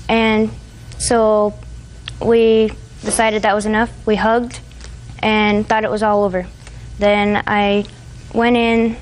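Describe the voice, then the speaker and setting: Young woman, 20s, defendant; rambling, halting testimony. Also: medium pitch, a little hiss or hum, low-quality recording. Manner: rambling, hesitant retelling with fillers. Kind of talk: courtroom testimony. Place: TV courtroom.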